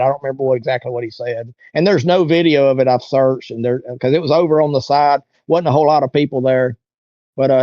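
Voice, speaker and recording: A man's voice: mid-range voice, quick pace, mellow, no room sound, lo-fi sound. A man, an interview guest telling a long story in a rambling, folksy way. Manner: rambling, folksy, lots of "you know" and "like". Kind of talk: casual storytelling.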